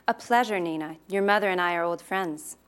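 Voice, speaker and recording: A smooth, middle-aged art journalist, voiced by a woman reading aloud, polished and full of compliments. He speaks with easy, practiced charm. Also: fairly low pitch, a little fast, lightly acted. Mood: flattering. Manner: polished, flattering.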